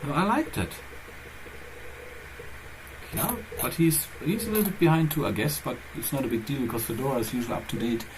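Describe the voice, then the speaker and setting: A man hosting his own channel chats loosely and thinks aloud, wandering from one point to the next. His has a turn, and his voice sits at an ordinary pitch for a man. A faint noise hangs in the background. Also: brisk, pauses often. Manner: rambling, chatty, thinking aloud. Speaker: channel host. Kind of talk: casual chat.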